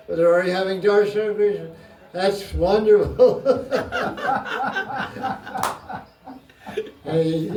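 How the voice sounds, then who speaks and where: A man's voice: high-pitched, dark tone, slight background noise. A man gives a scripture class in a slightly raised voice, taking his time with each phrase. He jokes and laughs with his listeners, and his voice comes from some distance away in a roomy hall. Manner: playful, joking, often laughing. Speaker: spiritual teacher. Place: room with an audience. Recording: roomy, mic far off.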